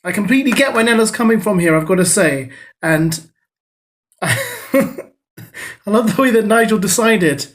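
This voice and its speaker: A man giving casual spoken commentary on a TV clip, chatty and quick to get excited. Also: sits high. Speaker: video commentator.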